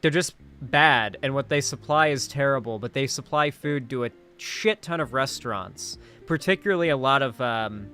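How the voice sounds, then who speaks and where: An American streamer and commentator, sounding tired, chats casually on a live stream, rambling and full of fillers. His voice is medium-pitched with a fairly bright tone.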